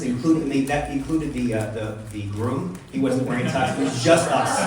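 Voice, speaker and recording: Man, live storytelling, rambling, wry asides, echoey room, distant mic. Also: medium pitch. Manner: rambling, self-interrupting, wry.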